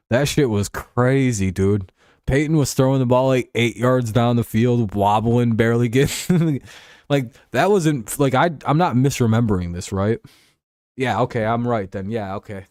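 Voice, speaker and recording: A man's voice: lowish voice, a little mellow, dry recording, studio quality. A man chatting casually on a livestream about sports, rambling, swearing and chuckling as he answers his chat. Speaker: streamer.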